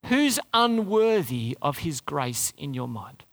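A male pastor delivering a sermon in a high, bright voice. He is animated, pushing his pitch up on key points and dropping to a hushed, low tone when he prays. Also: slow pace. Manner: animated, rises high for emphasis and drops low for prayer.

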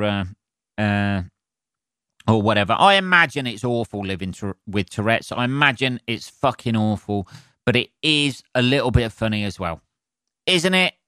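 A man rants alone into his podcast mic, swearing freely and laughing at his own temper. His voice is bright and forceful, recorded close and dry. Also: medium pitch, smooth, dry recording. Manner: sweary, ranting, self-mocking. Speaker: podcast host. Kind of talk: solo podcast rant.

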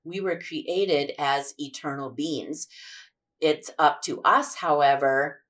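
A woman with a notably low voice leads a devotional Bible teaching. She speaks earnestly and reflectively and often restarts her sentences as she works through her thoughts. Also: takes it slowly, a bit bright. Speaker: podcast host.

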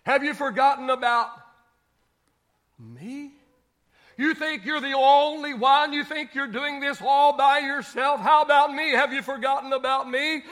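A male preacher voicing God as He gently chides a despairing prophet with insistent rhetorical questions. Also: very high-pitched, fairly even intonation, unhurried. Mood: chiding.

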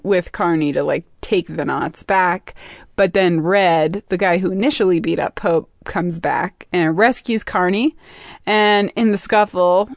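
A woman's voice: medium pitch, no echo, clean studio sound. A young adult woman co-hosting a podcast, chattily recapping a book with fillers and laughs. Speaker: podcast co-host. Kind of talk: casual book discussion.

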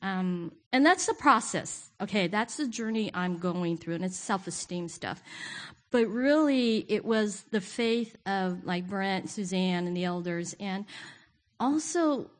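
A woman's voice: medium pitch, animated, measured pace. A woman giving a sermon to her church, candid and self-deprecating, often laughing. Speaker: guest preacher. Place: church sanctuary.

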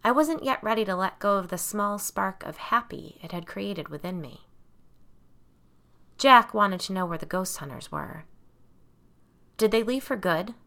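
A woman narrating a first-person audiobook in a measured, intimate storytelling manner. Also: mid-range voice, animated, vocal fry, sharp tone.

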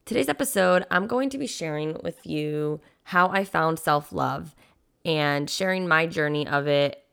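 A woman's voice: low voice, unhurried, gravelly, fairly bright tone, clean tone. A young adult woman hosting her own podcast as a mindset coach, talking in an earnest, heartfelt and encouraging way. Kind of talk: solo motivational podcast talk.

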